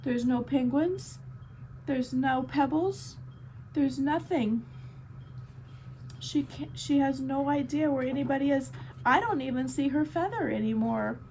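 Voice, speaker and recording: A woman reading a picture book aloud at a bookstore storytime, expressive and chatting with the children between pages. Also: sits high, a little slow, pauses often, a little hiss or hum.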